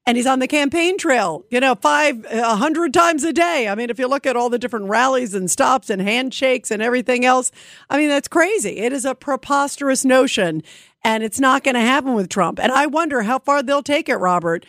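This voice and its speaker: A woman's voice: sits high, a bit bright, no room sound, studio quality. A woman hosting a political call-in radio show, emphatic and opinionated, often stumbling over her first word. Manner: emphatic and opinionated, with frequent stutter-starts. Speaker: radio talk show host.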